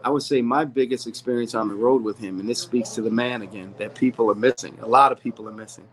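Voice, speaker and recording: Male interview guest, earnest storyteller, even middle voice. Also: mid-range voice, fast, low-quality recording. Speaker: rapper's manager, interview guest. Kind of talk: candid interview conversation.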